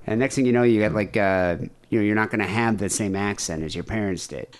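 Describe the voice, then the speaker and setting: A man hosting a comedy podcast in casual banter, jumping between high excited bursts and low mutters. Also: quick pace. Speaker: podcast host.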